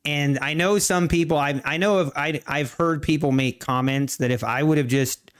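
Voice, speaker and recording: A man hosting a live day-trading stream, talking casually and haltingly, often restarting and clearing his throat. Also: fairly high pitch. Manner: slow, halting, many restarts, answers chat. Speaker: livestream day-trading host. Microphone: desk mic.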